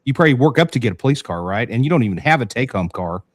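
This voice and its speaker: A man's voice: medium pitch, lively intonation, no room sound. A veteran officer in his fifties hosts the conversation, firing off questions in a rush and restarting them as he goes. The sound is dry and close, with no room around it. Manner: quick, halting questions with repeated restarts. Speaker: podcast host, police officer. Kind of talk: casual interview.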